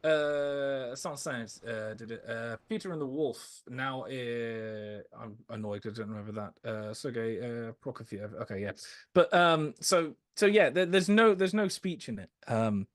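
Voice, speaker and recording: A man's voice: mid-range voice, unhurried, no room sound, clean studio sound. A man casually talking through an old musical film as a podcast co-host, hesitant, with many fillers and restarts. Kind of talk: casual film review chat.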